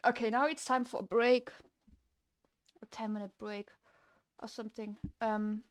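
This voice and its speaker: A woman's voice: a little high, steady tone, a little slow. A young woman streaming her game development, talking to herself while she codes, swinging from frustrated to gleeful. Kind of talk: casual livestream commentary while coding.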